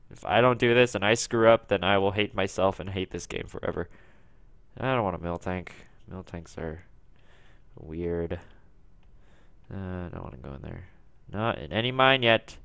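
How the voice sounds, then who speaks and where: A young man giving casual gaming commentary, talking to himself as he plays and bursting into yells when things go wrong. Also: low-pitched, creaky, smooth, no echo. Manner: talks to himself, erupts into yelling when frustrated. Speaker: gaming YouTuber. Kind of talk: let's play commentary.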